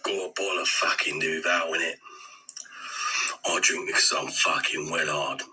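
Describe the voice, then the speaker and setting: A man putting on a swaggering hard-man boozer who swears nonstop through a comic beer review. The voice is deep, harsh and raspy, pushed out with a hard, forceful edge. He drawls each brag slowly. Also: steady tone, full character voice, rough recording.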